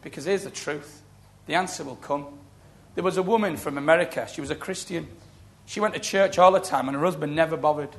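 Gravelly man preaching a testimony. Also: a little high, fairly quick. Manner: storytelling, animated, acting out quoted voices. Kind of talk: sermon with testimony.

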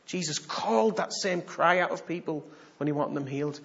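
A man preaching a sermon, animated and humorous, moving from hushed asides to loud exhortation. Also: on the high side, moderate pace, creaky, muffled recording.

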